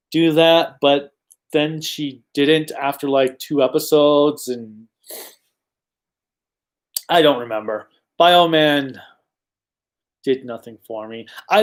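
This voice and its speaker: Chatty man rambling through a livestream Q&A. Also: on the high side. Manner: chatty, rambling, many ums and self-corrections. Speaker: channel host answering viewer questions. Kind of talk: casual livestream Q&A.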